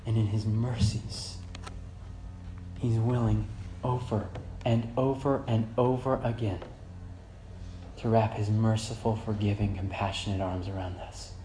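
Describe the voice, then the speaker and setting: A man in his thirties preaching a sermon as pastor, moving between loud fervent emphasis and soft reflective passages. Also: fairly low pitch, steady tone, unhurried, pauses often. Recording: echoey church room with faint hum.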